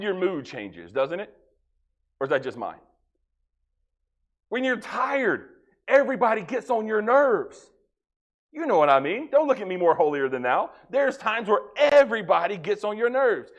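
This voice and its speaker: A pastor preaching a folksy sermon, joking with the congregation and acting out little dialogues. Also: male voice, high-pitched, big pitch swings, normal speed.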